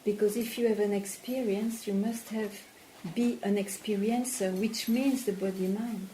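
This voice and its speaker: A woman spiritual teacher in a satsang dialogue, talking slowly and probing with questions. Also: medium pitch, steady tone, warm tone. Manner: slow, probing, questions the listener. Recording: echoey room with faint noise.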